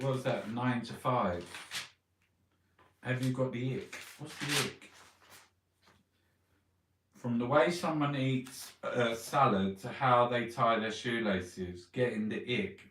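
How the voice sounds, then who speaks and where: A man's voice: fairly low pitch, distant mic, slight background noise. A man reading newspaper headlines aloud and ranting about them in a sweary, mocking way. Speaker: vlogger reviewing newspapers. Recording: roomy echo, voice set back from the mic.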